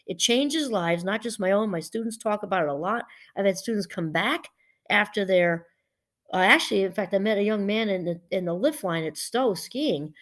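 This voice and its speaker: A woman's voice: medium pitch, animated, moderate pace. A woman professor giving a casual, chatty talk. She wanders off topic, restarts her sentences often and laughs easily. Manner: chatty and digressive, with frequent restarts. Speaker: professor and podcast host. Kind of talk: casual teaching monologue.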